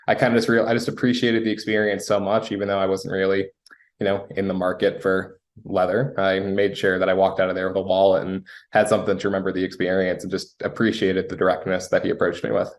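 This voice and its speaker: A young man with a fairly low voice recounts a sales story in a relaxed, conversational way. He fills his sentences with "um" and "you know" as he works through his thoughts, like a guest on a casual interview podcast. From United States. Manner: relaxed storytelling with frequent fillers.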